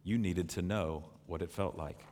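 Aslan, a man reading a deep solemn lion. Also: moderate pace, a little mellow, slight background noise, lightly acted. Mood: grave. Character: deep, grave, gentle great male lion. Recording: long reverb in a large hall.

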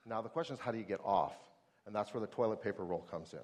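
A man's voice: fairly low pitch, racing, darkish tone. A middle-aged man preaching a sermon in a conversational way, asking the audience questions and acting out everyday scenes.

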